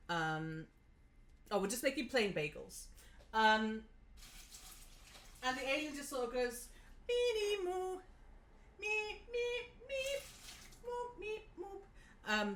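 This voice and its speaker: A woman's voice: a little high, a bit bright. A woman hosting a live cooking stream from her home kitchen, chatting casually and giggling as she talks through each step.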